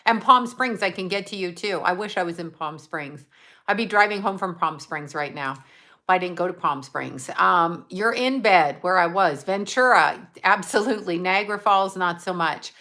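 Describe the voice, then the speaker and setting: A woman's voice: on the low side, moderate pace, sharp tone. A woman hosting a casual livestream from home, chatting in a bubbly way and reading out where her viewers are. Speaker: livestream host. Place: at home, just out of bed.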